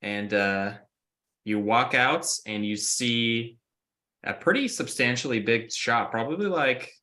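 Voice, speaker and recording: A man's voice: mid-range voice, slow pace, pushed and bright. A man narrating as game master in a casual tabletop session, describing scenes with many fillers.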